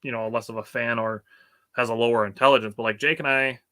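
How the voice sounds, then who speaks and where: Podcast co-host guy, lots of you-knows, laughs along, clear bright voice, dry sound. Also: mid-range voice, fairly even intonation, fast, no echo. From Wisconsin. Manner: reflective, hedging with fillers, chuckles often. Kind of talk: casual sports chat.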